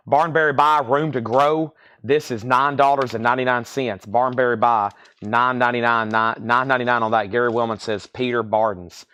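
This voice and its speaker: A man's voice: mid-range voice, fairly bright tone. A young man hosting a live vinyl sale stream, chatting casually and rambling while reading out titles and prices.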